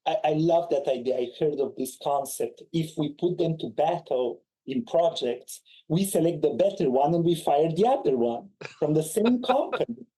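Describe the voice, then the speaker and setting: A man with a mellow, warm tone pitched slightly high. He rambles enthusiastically while playing a tabletop game. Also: animated, moderate pace, breathy edge, poor audio. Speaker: player. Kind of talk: casual tabletop play.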